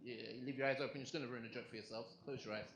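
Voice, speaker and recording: A young man doing a stand-up comedy set, chatty and animated, asking the crowd questions on a club stage. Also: mid-range voice, very fast. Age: young adult. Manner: conversational, animated punchlines, asks the crowd questions. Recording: echoey club with crowd noise.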